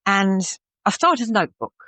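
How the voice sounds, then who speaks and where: A woman's voice: medium pitch, very animated, moderate pace, sharp tone, no echo. A woman co-hosting a podcast in casual chat, talking candidly and reflectively as she thinks aloud. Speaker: podcast co-host.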